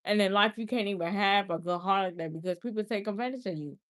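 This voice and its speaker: Speaking fast at a medium pitch, a woman hosts a casual livestream. Her talk is earnest and heartfelt, and she repeats herself.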